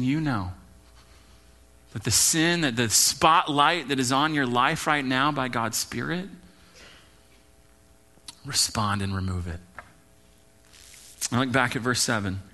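A male pastor preaching an earnest sermon, swinging between loud urging and hushed low lines.

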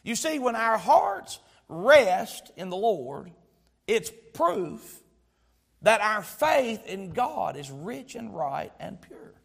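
High-voiced male pastor preaching. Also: big pitch swings, creaky, fairly bright tone, husky. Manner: storytelling with humor; preaching with drawn-out emphasis. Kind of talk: sermon.

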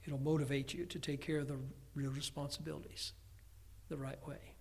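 A man's voice: a little high, moderate pace. An older man preaching a sermon as pastor, telling family stories with humorous asides. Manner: lively storytelling with humorous asides. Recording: long hall reverb.

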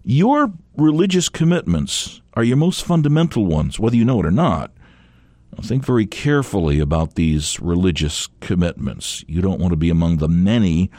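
Earnest, lively-voiced man preaching a radio sermon. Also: deep voice, no echo. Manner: earnest, emphatic, stresses key words. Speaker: radio Bible teacher.

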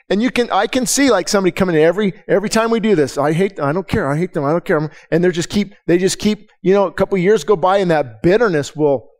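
A man preaching a conversational sermon to his congregation, candid and emphatic, often repeating words and asking the room direct questions. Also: high voice. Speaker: pastor. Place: church service.

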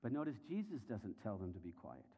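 A man preaching a sermon as a story. He asks the listeners questions, and his voice moves between hushed, low passages and rising, intense ones. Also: sing-song, a little fast, slightly rough. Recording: long hall reverb.

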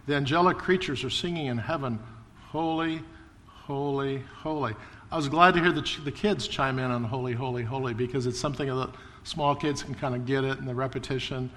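Man, pastor, sermon, earnest repetition, mid-pitched voice, long church-hall reverb. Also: fairly even intonation, fast, fairly bright tone, a little hiss or hum. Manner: earnest, builds emphasis with repetition. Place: church sanctuary.

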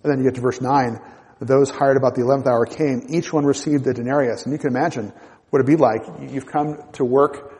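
Mellow-voiced man teaching scripture in a reverberant space. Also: mid-range voice, steady tone. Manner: measured and reflective, with small restarts. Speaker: Bible teacher. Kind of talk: reading and explaining scripture.

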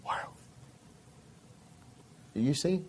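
A middle-aged pastor preaches a sermon, telling stories conversationally and often repeating his phrases. His voice has a darkish tone, and he speaks extremely slowly.

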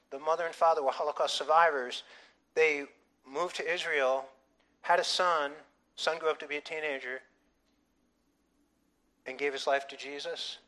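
Brief: middle-aged male pastor, emphatic sermon storyteller, bright tense tone. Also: on the high side. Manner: animated, emphatic storytelling with frequent restarts.

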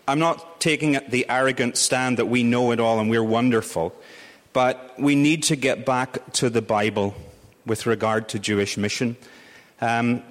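A man's voice: mid-range voice, fairly bright tone. A man with a Northern Irish accent, a mission director giving a blunt, humorous conference talk. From Northern Ireland. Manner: humorous and blunt, with self-deprecating asides. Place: church sanctuary. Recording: long reverb of a church hall.

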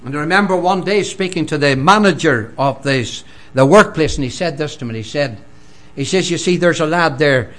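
An older man with a Northern Irish accent preaching a sermon, emphatic and swinging between loud declarations and quiet, low lines. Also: animated, fairly quick.

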